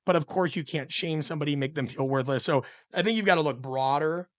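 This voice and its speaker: A middle-aged man, an opinionated coach appearing as a podcast guest, rants passionately and emphatically in conversation. His voice is fairly high and fast, recorded with clean studio sound and no room sound.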